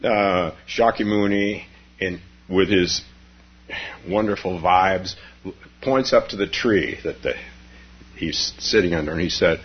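A meditation teacher with a deep, husky voice gives a rambling dharma talk on retreat, telling stories and often chuckling. He takes his time and pauses a lot. The sound is dull and lo-fi.

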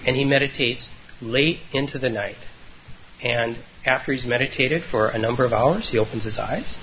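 Meditation teacher, male, mid-pitched, gentle and halting dharma talk, muffled lo-fi recording with faint hiss. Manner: gentle, unhurried, with frequent hesitations. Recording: dull lo-fi recording with faint noise.

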